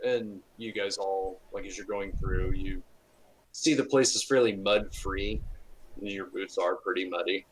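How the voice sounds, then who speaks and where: A man's voice: sits low, steady tone, measured pace, a little hiss or hum, low-quality recording. A man running a tabletop game as game master, narrating with many fillers and restarts.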